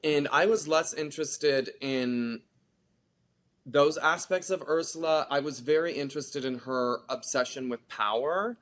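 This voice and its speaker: A theater actor in casual interview, talking in an animated, rambling way. The voice sits mid-pitch and keeps peppering its sentences with "like". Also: unhurried. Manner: chatty, animated, lots of filler "like". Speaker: theater actor, podcast guest.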